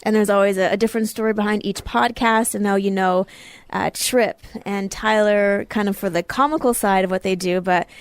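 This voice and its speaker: A woman co-hosting a podcast in casual chat, upbeat, with quick replies. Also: medium pitch, fairly even intonation, smooth, dry recording. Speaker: podcast co-host.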